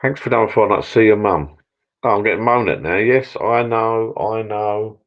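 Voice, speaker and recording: Deep voice, middle-aged man, rambling, repeats words, muffled stream audio. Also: normal speed. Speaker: live stream host. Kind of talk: casual live stream chat. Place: backyard garden bar shed.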